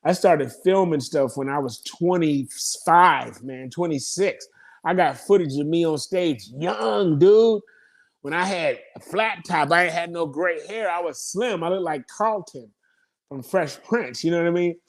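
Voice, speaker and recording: A man, a comedian telling stories in a casual interview, profane and quick to laugh between rambling asides. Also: fairly high pitch. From United States. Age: 50s. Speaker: comedian guest.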